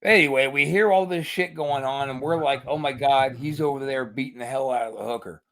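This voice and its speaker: A man's voice: medium pitch, a little fast, a bit bright. A man hosting a podcast, telling a profane story in casual chat. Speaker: podcast host.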